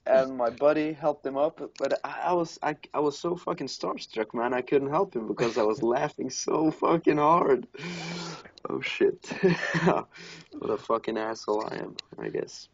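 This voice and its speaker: A man's voice: mid-range voice, moderate pace. A man from Norway, casually telling profane, laughing stories as a podcast co-host. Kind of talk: casual chat. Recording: dull lo-fi recording.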